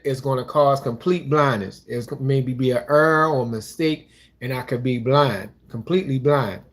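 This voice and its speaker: A man's voice: a little high, a bit bright. A man co-hosting a couples channel, talking casually and rambling about his life, with restarts and religious asides. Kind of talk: casual personal talk.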